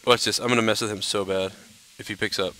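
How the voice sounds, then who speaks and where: A man's voice: fairly low pitch, steady tone, fast, sharp tone. Brash, profane man ranting on a live stream. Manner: profane, rambling, lots of "you know". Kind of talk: casual live-stream rant.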